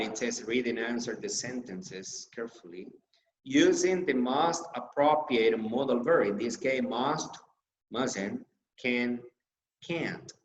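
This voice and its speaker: A man whose first language is Spanish, teaching English grammar from slides, slowly repeating example sentences and stressing key words. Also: mid-range voice, muffled recording. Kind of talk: slide-based grammar lesson. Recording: echoey room.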